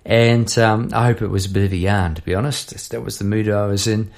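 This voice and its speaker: A middle-aged man with a New Zealand accent, hosting a songwriting podcast in a relaxed, rambling chat with many restarts. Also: on the low side, fairly quick, gravelly.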